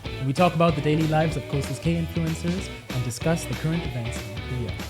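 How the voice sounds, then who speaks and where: A woman's voice: low-pitched, quick pace. A woman hosting a talk show, upbeat, affirming and laughing with guests. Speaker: host. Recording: music playing behind.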